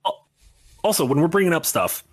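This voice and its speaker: A man's voice: a little high, very animated, fairly quick. A man co-hosting a casual podcast, talking in a chatty, thoughtful way with many fillers. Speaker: podcast co-host. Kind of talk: casual chat.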